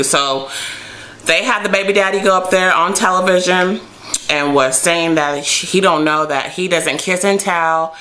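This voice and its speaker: A young woman with a low but bright, forceful voice recaps a TV episode for her viewers. She talks in a loose, chatty way and keeps acting out the characters' lines. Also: unhurried. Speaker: TV episode reviewer. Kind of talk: casual recap vlog.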